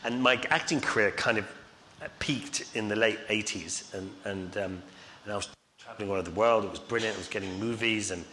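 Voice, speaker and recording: Male guest, middle-aged, chuckles through his stories, crisp tone, faint noise in the room. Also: on the low side, fairly quick, sharp tone. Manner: rambling, chuckling, many fillers. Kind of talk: anecdotal storytelling on stage. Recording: reverberant hall, faint noise.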